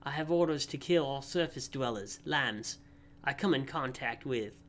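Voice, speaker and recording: A curt young woman soldier with an Australian accent, guarded and commanding, as a man puts her on while reading a game aloud. Her delivery is clipped and stern, at an ordinary, middling pitch. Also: moderate pace, fairly bright tone, a little hiss or hum, lightly acted.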